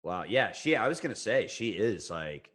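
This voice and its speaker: A man's voice: fairly low pitch, very animated, moderate pace, a bit bright. A man hosting a podcast interview, chiming in with short, enthusiastic interjections. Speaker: podcast host. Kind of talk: casual interview.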